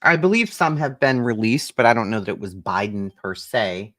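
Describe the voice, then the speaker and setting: A man's voice: on the low side, animated, normal speed, fairly bright tone, no echo, studio quality. A man from Boston in a casual, profane reaction chat, often laughing and mocking what he watches. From Boston, USA. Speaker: streamer reacting to a debate.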